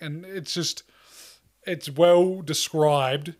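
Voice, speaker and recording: A man's voice: fairly high pitch, takes it slowly, darkish tone. A man talking casually in a rambling way, full of fillers and swearing, acting out quoted lines. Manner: acts out quoted lines in a loose voice. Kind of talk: casual chat.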